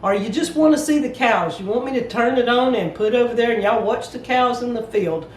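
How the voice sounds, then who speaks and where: A woman's voice: on the high side, fairly quick, echoey room. Older southern lady chatting homey and plain, bit far from the mic, faint hiss. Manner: plainspoken, homey, explains things. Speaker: homestead channel co-host. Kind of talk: casual chat to viewers.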